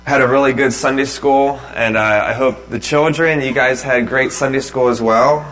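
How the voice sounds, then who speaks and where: A man speaking as a pastor, thanking people and leading a sermon in a relaxed, halting way with many pauses and fillers. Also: medium pitch, rough recording.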